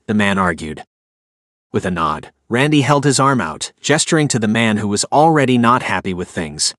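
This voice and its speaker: Male audiobook narrator, measured and dry. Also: fairly low pitch, animated, a bit bright, no room sound. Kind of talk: first-person audiobook narration.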